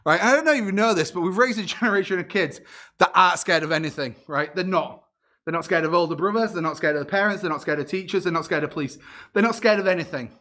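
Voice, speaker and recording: A man's voice: high voice, fast talker, pushed and bright. A man, doing a self-deprecating stand-up comedy set with punchy delivery. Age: 30s.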